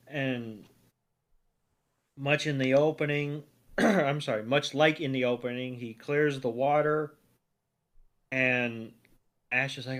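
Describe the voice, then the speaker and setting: A man's voice: mid-range voice, steady tone, slow, pauses often, fairly bright tone. A man co-hosting a podcast, chatting casually through a cartoon episode with fillers and asides. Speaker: podcast co-host.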